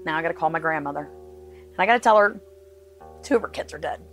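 A woman recounting a traumatic family event, halting and emotional, acting out the voices of others as she speaks. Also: deep voice, lively intonation, fairly bright tone, faint music behind, rough recording. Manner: halting, emotional, acts out dialogue. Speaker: interviewee recounting a family tragedy. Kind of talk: personal account in interview.

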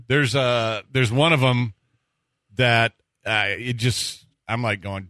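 A man's voice: mid-range voice, slow, pushed and bright, dry recording, studio quality. A man hosting a sports talk radio show, chatting in an easygoing, hesitant way with many fillers. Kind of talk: casual radio banter.

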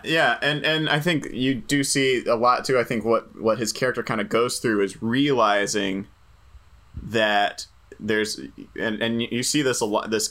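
Man, lowish voice, hesitant, lots of fillers, casual film chat. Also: fairly bright tone. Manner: hesitant, many "like"s and restarts. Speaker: podcast co-host.

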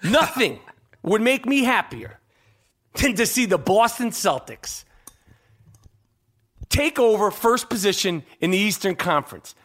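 A man's voice: high voice, animated, measured pace, pauses often, a bit bright. A man hosting a sports podcast and reading an ad, talking in a brash, profane, rambling way that keeps checking in with "okay?". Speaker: podcast host. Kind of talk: sports talk and host-read ad.

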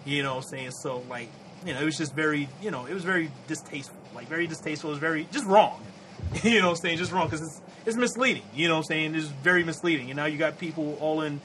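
A man co-hosting a podcast, talking in a casual, animated way and swearing freely. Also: on the high side, fast talker, slight background noise, poor audio. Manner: animated, profane, repeats "you know what I'm saying". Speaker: podcast co-host. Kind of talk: casual chat.

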